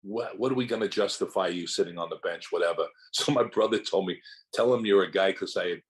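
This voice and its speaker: A man's voice: low-pitched, fairly quick, low-quality recording. An older man, an actor, telling stories in a casual interview and acting out what others said to him. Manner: animated anecdotes, acting out quotes from others.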